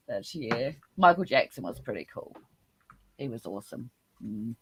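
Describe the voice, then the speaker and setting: Woman, slow lively speech, dry close sound, expressive casual chatter. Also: a bass voice, a little hiss or hum. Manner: expressive, reacting with exclamations. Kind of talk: casual chat. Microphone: video call.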